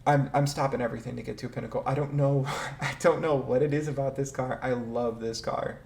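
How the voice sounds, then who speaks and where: With a steady, mid-range voice that's a touch fast, a little mellow, and edged with vocal fry, this man rambles hesitantly through a casual ranking of game vehicles. He laughs a lot and swears occasionally, in an echoey room with faint background noise.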